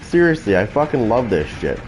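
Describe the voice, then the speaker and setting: A man's voice: medium pitch, very animated, brisk, over music, rough recording. A man giving profane, trash-talking commentary while playing a video game, taunting opponents. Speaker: gaming channel host. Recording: loud game sounds behind.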